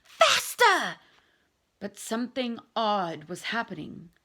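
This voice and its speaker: A woman reading a novel aloud in an expressive, dramatic storytelling manner. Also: medium pitch, slow pace. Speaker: reader.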